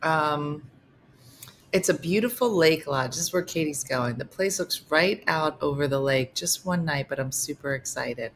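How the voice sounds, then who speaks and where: Chatty low-voiced woman host. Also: normal speed, slight background noise. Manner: chatty, reads viewer comments aloud. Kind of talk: casual livestream chat.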